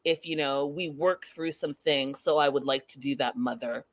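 A woman voicing a stiff, oddly formal young man who calls his mother, speaking slowly and eerily politely. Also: a bass voice, no echo, pitched below the performer's own voice.

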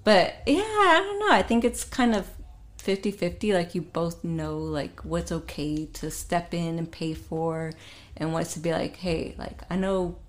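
Soft-spoken young woman, chatty. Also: fairly low pitch, animated, unhurried. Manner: chatty, quotes others in soft asides. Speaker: podcast guest. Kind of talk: casual chat.

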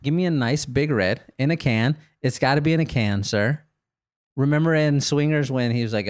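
Medium-pitched, clear, and resonant, a male podcast host riffs through a casual comedic Q&A, answering listeners' questions with jokey, animated stories and quick laughs. The sound is clean studio audio, recorded dry.

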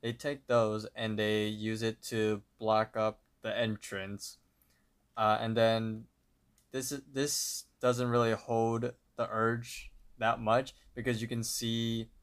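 A man's voice: lowish voice, smooth. A man co-hosting a podcast, casually retelling a cartoon episode over a voice call, with fillers and the odd laugh. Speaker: podcast co-host. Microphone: online voice call.

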